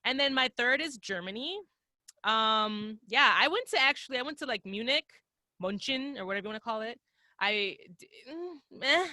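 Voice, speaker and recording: Young woman guest, casual storyteller, swears freely, plays out quoted voices; tone sits a bit high, close and dry. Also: normal speed, no echo. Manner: profane, animated storyteller who acts out quoted voices. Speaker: podcast guest. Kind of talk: casual chat.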